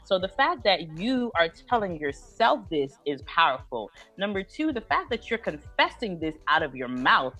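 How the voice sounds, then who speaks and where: A woman's voice: lowish voice, very animated, normal speed, few pauses, sharp tone, faint music behind. A woman from New York, a gospel singer guest, talking animatedly and preaching her point with laughs. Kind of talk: casual chat.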